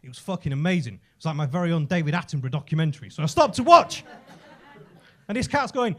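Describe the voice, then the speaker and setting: An English man doing a stand-up comedy set on a club stage, telling stories full of swearing and shouting out the punchlines. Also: high voice, quick pace. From England. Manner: profane, animated storytelling with shouted punchlines.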